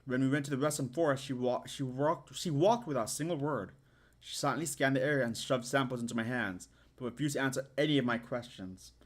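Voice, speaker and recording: A man streaming, reading a story aloud and reacting with excited squeals and joking asides. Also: medium pitch, brisk. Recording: music playing behind the voice. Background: music.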